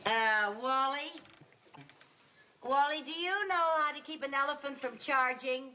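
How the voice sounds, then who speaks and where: A woman's voice: sits high, a little slow, sharp tone. An actress playing an eager, scheming woman in a sitcom, bubbly and persuasive. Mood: chatty. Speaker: sitcom character. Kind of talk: sitcom acting. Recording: muffled TV audio with laugh track and hiss.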